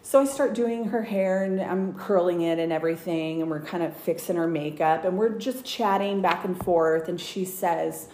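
A woman with a somewhat low voice tells a personal story in an earnest, halting way, often restarting her sentences. Her voice is heard with a noticeable roomy echo. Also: darkish tone, a little hiss or hum. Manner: earnest, many fillers and restarts, gets emotional. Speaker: guest sharing testimony. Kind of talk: casual storytelling.

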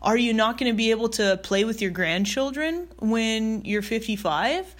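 A woman's voice: fairly high pitch, normal speed. Emphatic woman giving a motivational talk. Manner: emphatic, repetitive, direct address with rhetorical questions; casual with fillers and mild swearing. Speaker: motivational speaker.

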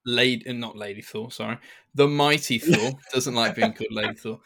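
Hesitant male podcast co-host with a gravelly edge, casual review talk. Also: on the low side, flat delivery, brisk, bright, forceful tone, slight background noise. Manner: hesitant, many restarts and fillers.

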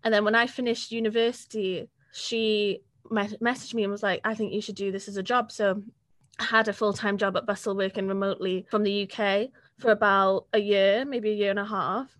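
Fast-talking young woman. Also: mid-range voice, fairly even intonation, fairly bright tone, no echo, studio quality. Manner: chatty, sweary, laughs often. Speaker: podcast guest, freelance journalist. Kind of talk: casual interview chat.

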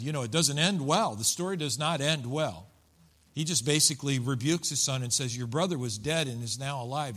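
Bright-voiced male preacher. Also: medium pitch. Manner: animated storytelling, acting out quoted voices. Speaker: pastor. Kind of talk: sermon.

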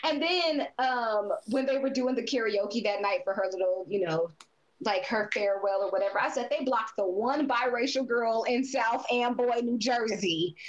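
Woman, higher voice, animated, laughing, profane, casual movie chat. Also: normal speed, lo-fi sound. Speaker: podcast co-host.

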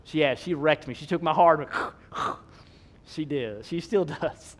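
A man, preaching a sermon, swinging between loud emphasis and soft low asides. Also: normal speed. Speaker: pastor.

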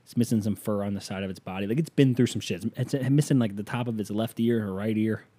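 A man's voice: on the low side, quick pace, mellow. A man hosting a casual solo podcast, rambling and joking as he talks directly to the listener. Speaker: podcast host.

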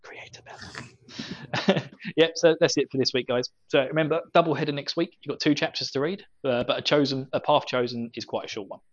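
A man's voice: mid-range voice, fairly even intonation, fast talker, hardly any pauses, lo-fi sound. A man hosting a podcast in casual chat, laughing often as he talks. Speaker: podcast host.

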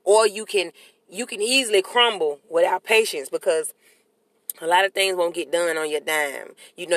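A podcast host, talking in a casual, animated and preachy way, often repeating short affirmations. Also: mid-range voice, no echo. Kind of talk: casual chat.

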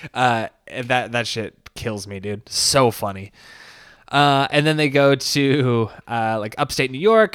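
A man's voice: on the low side, fairly bright tone, clean tone, dry recording. A man casually recapping a documentary, rambling with fillers, restarts and laughs. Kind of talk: casual commentary.

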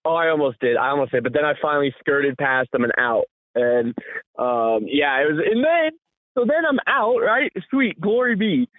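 A man co-hosting a podcast, telling a story in a casual, animated way, laughing often and swearing freely. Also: fairly high pitch, moderate pace, dry recording. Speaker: podcast co-host. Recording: tinny phone-like sound, dry.

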